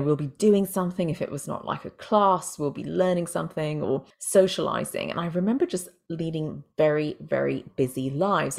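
A woman's voice: low voice, vocal fry. A woman hosting a podcast and interviewing a guest in a chatty, casual way, often using fillers. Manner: chatty, with frequent fillers like "like" and "you know". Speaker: podcast host and family doctor.

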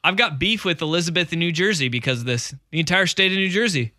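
A man's voice: a little high, fast talker, pushed and bright, no echo, studio quality. A man co-hosting a casual sports talk show, enthusiastic and rambling with fillers. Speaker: co-host. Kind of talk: casual banter.

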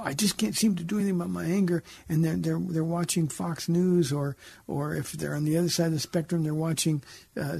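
Very husky-voiced pastor hosting radio. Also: male voice, a little high, mellow, no room sound. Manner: earnest, conversational preaching. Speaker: pastor and radio call-in show host. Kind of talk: answering listener questions on air. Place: radio studio.

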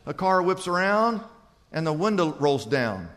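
A man preaching a sermon as pastor, telling stories and dropping from loud to hushed. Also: on the high side, big pitch swings, measured pace. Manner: storytelling, swings from loud to hushed. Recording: long hall reverb.

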